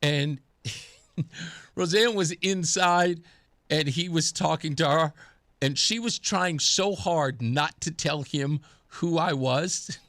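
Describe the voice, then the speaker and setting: In a radio studio with a clean, dry sound and no room echo, a man with a higher-leaning voice hosts a talk show. Pollen has left his throat scratchy, yet he tells stories animatedly, laughing through a casual monologue into a studio microphone.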